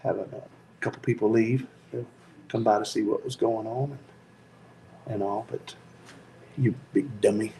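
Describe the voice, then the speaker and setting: A man with a Tennessee accent hosting a casual livestream, talking slowly with lots of ums in an easygoing, joking way. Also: on the low side, steady tone, vocal fry, mellow, a little hiss or hum, poor audio. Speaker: FPV drone channel host.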